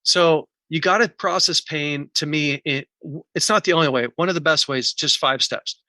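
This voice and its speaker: Earnest man with a bright voice. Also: a little high, normal speed, dry recording. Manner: earnest, teaching in numbered steps; candid and emotional about personal pain. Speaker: podcast guest, recovery coach. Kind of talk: podcast interview.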